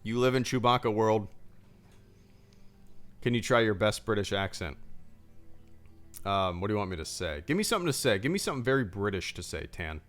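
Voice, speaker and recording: Lower-voiced man, lively delivery, rambling casual stream Q&A, faint music behind. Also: a little fast, long pauses. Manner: rambling, chatty, many restarts and fillers. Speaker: YouTube channel host. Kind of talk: casual livestream supporter Q&A.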